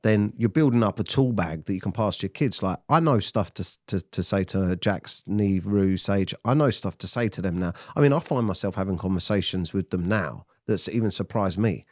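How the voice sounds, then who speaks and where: A man's voice: low-pitched, a little fast, hardly any pauses, darkish tone, dry recording, clean studio sound. A man hosting a candid podcast conversation, blunt and sweary, often repeating himself. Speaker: podcast host.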